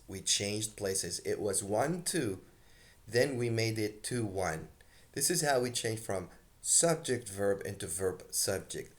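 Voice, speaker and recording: A male English teacher walks students through a grammar lesson at a very slow pace. His voice sits on the low side, and he pauses often with fillers as he explains. English is not his first language; he grew up speaking Arabic.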